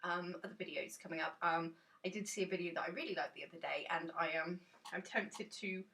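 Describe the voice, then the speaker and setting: A woman's voice: lowish voice, brisk, bright, forceful tone, distant mic. A woman chatting enthusiastically and rambling casually about a tarot deck in a dim room.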